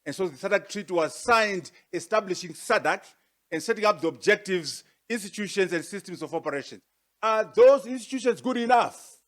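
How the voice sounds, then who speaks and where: High-voiced man giving a forceful speech. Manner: rhetorical and emphatic, with repeated questions; forceful, with sharp rises for emphasis. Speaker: guest speaker. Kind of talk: formal presentation to an audience.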